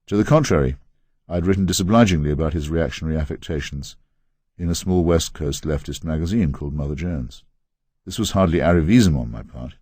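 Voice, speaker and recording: An English man narrating his memoir as an audiobook in a wry, measured, ironic way. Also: a bass voice, a little mellow, husky, no room sound, studio quality. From England.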